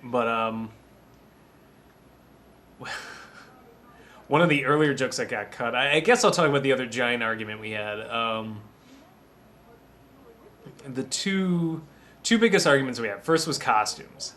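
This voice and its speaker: A man recording a commentary track about writing a film, rambling and anecdotal, often restarting his sentences and pausing to sip water. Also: mid-range voice, lively intonation, pushed and bright, a little hiss or hum. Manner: drinks water between remarks. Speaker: writer giving a film commentary.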